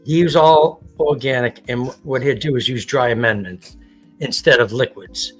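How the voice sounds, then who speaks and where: A man's voice: medium pitch, moderate pace, soft background music. Rambling, swearing man hosting a livestream. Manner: rambling, swears freely, acts out quotes. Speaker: livestream host. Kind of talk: casual chat.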